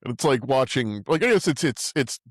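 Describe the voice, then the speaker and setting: A man's voice: mid-range voice, animated, a little fast, no room sound, studio quality. A man casually chatting about a movie as podcast co-host, loose and swearing, laughing often. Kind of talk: casual movie recap chat.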